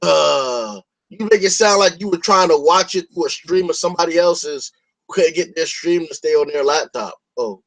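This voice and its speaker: High-voiced, profane male podcast host. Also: moderate pace, fairly bright tone, rough recording. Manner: profane, rambling, opinionated. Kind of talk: casual podcast chat.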